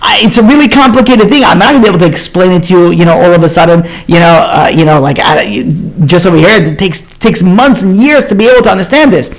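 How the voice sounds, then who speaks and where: A man putting on an older bearded rabbi who speaks earnestly and emphatically. He restarts his sentences as he explains. The pitch sits somewhat raised above the teller's usual voice. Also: fast, few pauses, poor audio. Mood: emphatic.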